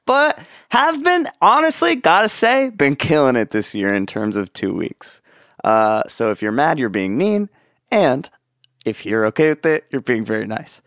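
A man's voice: on the low side, lively intonation, normal speed, no echo, studio quality. A man hosting a casual podcast, rambling and self-deprecating, swearing offhandedly. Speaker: podcast host.

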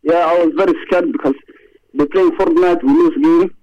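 A man phoning in to a show, boasting excitedly in broken English. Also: fairly high pitch, normal speed, highs cut off, crowd noise. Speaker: caller. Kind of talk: call-in phone chat.

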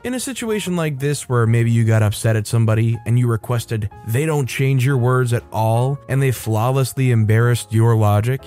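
A man narrating stories in a mid-range voice, steady and conversational. He talks to his audience between tales like a regular host. A faint music bed runs under him. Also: medium pitch, moderate pace, hardly any pauses. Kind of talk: scripted story narration.

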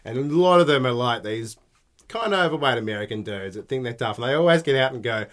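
This Australian man co-hosts a podcast and keeps things casual, spinning relaxed stories while swearing and laughing a lot. He talks fast in a mid-range voice that's animated and fairly bright.

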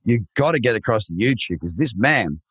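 A man hosting a podcast interview, jokey and animated, with a showman's patter. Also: lowish voice, brisk, husky, no room sound. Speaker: host.

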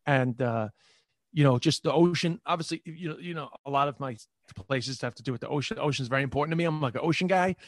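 A man's voice: a little high, quick pace, dry recording. Rambling man, dry close sound. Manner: rambling, heavy use of filler phrases. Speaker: interview guest. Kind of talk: casual conversational interview.

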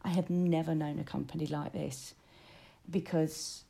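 A woman, an actress chatting excitedly and gushing about her stage work. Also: deep voice, measured pace, creaky. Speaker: West End musical actress, guest. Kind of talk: casual chat.

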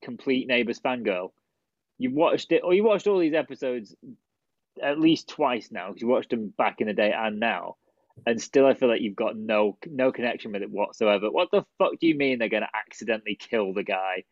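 A man's voice: mid-range voice, animated, moderate pace. A man co-hosting a chatty podcast, mocking the others' predictions with sarcasm. His mic sounds dull and muffled. It is also very dry, with no room echo. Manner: sarcastic, teasing. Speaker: podcast co-host. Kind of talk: casual chat.

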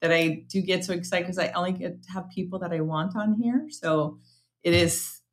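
An upbeat woman hosts a casual podcast interview in a slightly low voice. She chats freely and loosely, circling back and restarting her thoughts as she talks. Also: fairly even intonation, normal speed. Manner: chatty and upbeat, rambling restarts. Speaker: podcast host.

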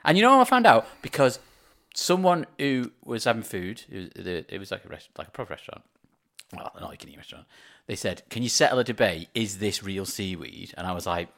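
Animated young man. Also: fairly low pitch, fairly quick. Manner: animated, eager anecdote teller. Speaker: podcast co-host. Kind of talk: casual chat.

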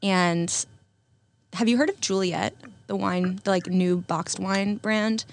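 A woman's voice: medium pitch, fairly even intonation, slow pace, slight background noise. A young woman chatting casually as a podcast host, upbeat, with filler words. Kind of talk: casual chat.

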